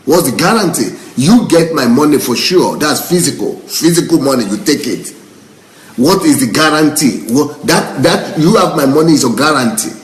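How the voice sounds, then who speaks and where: A man's voice: fairly high pitch, animated, moderate pace. Emphatic man in an echoey room. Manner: indignant, emphatic, repeats phrases for effect; breaks into laughter. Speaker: pastor. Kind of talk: live commentary answering viewer comments.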